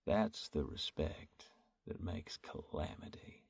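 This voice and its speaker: A man doing an impression of a laid-back Southern movie star, reciting a soliloquy in a slow drawl with half-whispered musing. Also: low-pitched, vocal fry, darkish tone, slightly rough, recorded from a distance, exaggerated voice.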